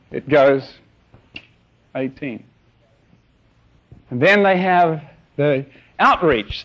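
A man preaching a sermon to young people, telling a story animatedly and acting out scenes with sound effects. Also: high voice. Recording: dull lo-fi sermon recording.

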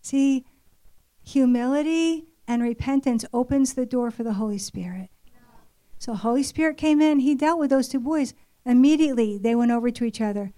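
An older woman shares a personal story from the pulpit in an earnest, confessional sermon style. Her voice sits a little high and her talk stays loose and conversational, full of little fillers as she recounts home life. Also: moderate pace, mellow. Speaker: church speaker.

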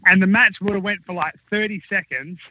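Man, high voice, husky, swears a lot, rambling animated storyteller, dull lo-fi podcast audio. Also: fairly quick, no room sound. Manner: rambling, profane, animated anecdote-telling. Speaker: wrestling talent recounting backstage stories.

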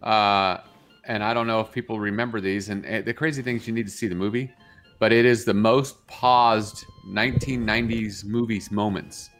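A man's voice: on the low side, steady tone, moderate pace, a bit bright. A male co-host reads quirky lists in a casual morning show chat, sounding amused and tripping over a few words. Faint music plays under the talk.

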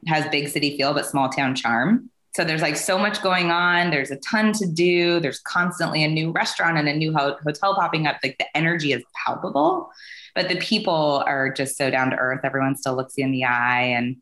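A woman's voice: sits low, normal speed, a bit bright, roomy sound. A woman from California, a company CEO, chatting as a podcast guest in a rambling way with many fillers. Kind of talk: casual interview chat.

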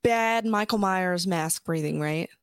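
A young woman co-hosting a podcast, retelling scenes in a profane, animated, laughing way. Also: on the low side, unhurried, smooth, dry recording, clean studio sound. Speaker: podcast co-host. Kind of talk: casual chat.

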